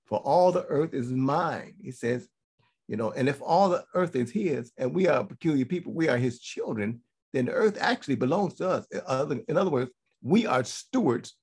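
Gravelly-voiced man teaching scripture. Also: a little high. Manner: repeats points for emphasis, checks in with "okay?". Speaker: teacher of a congregation. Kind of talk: Bible teaching sermon.

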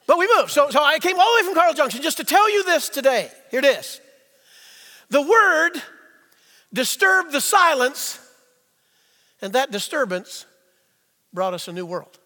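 A male pastor delivers a sermon in a very high, bright voice. He leans on rhetorical questions and stretches out key phrases, dropping to near-silence and then rising again. The sound carries a long reverb from the church hall. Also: expressive. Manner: rhetorical questions, slows for emphasis, swings between quiet and loud. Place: church sanctuary.

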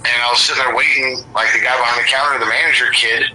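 A man's voice: medium pitch, quick pace, over a noisy crowd, rough recording. A young man from the Seattle area telling rambling, profanity-laced stories in casual chat. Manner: profane, rambling, animated storyteller.

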